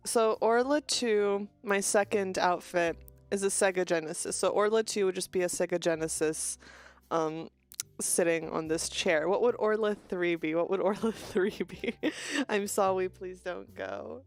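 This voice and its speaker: A young woman streamer with a stuffy nose, chatting casually and greeting viewers in a quick, bubbly way. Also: fairly low pitch, fairly even intonation, no echo, soft background music. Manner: fast-talking, bubbly, frequent laughs.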